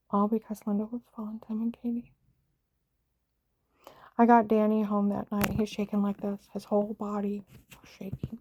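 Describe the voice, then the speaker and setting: A woman's voice: medium pitch, level tone, normal speed, warm tone, dry recording. A middle-aged woman recounting a painful family story in a rambling, emotional way, with many fillers and restarts. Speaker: mother telling her story. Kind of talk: casual personal storytelling.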